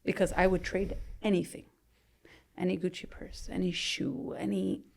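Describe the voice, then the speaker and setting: A woman's voice: on the low side, flat delivery, moderate pace, gravelly. A woman in her thirties telling her own story as a podcast guest, chatty and full of "you know", her sentences often fading to a near-whisper. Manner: conversational, frequent "you know", trails off softly to near-whisper. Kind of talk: candid personal storytelling in interview.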